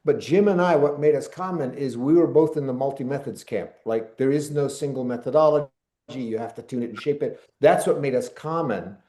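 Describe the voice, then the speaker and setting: A man hosting a casual panel conversation, animated, with his pitch jumping between high and low. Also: fairly quick, roomy sound. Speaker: host.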